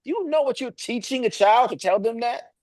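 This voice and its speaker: A man's voice: very high voice, lively intonation, normal speed, darkish tone, no room sound. A man in his thirties, earnest and emphatic, talking as a podcast co-host. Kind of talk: casual podcast talk.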